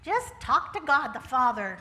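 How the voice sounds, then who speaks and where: An older woman gives a personal testimony in church, her folksy, joking storytelling pitched a little high and sounding bright and forceful. Her voice rings out with a long reverb from the church hall. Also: very animated, moderate pace. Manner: folksy and humorous, with Southern turns of phrase. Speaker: church speaker sharing testimony.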